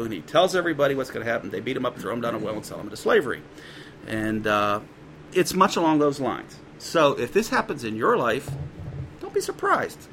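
A man preaching a sermon in a conversational way, with quick asides and dramatic quoted voices. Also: mid-range voice, vocal fry, sharp tone, a little hiss or hum. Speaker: pastor.

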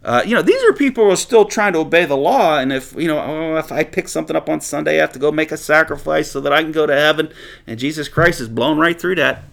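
Gravelly-voiced man teaching scripture. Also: fairly high pitch, fast talker. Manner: animated, reads scripture aloud then paraphrases it conversationally, laughs often. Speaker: Bible teacher. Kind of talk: sermon, verse-by-verse Bible teaching.

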